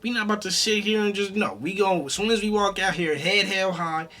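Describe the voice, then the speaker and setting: A man acting out a fired-up male rugby player rallying his team at halftime, shouting and swearing. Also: high voice, brisk, faint music behind, voice pushed up. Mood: fierce. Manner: shouting, profane, urgent.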